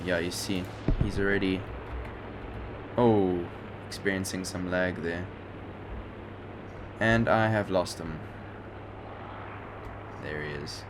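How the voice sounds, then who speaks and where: A man's voice: low voice, fairly even intonation, slow, pauses often. A young man giving hesitant, rambling commentary over his flight game footage, with many fillers. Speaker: gaming channel host. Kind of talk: gameplay commentary. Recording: background game noise.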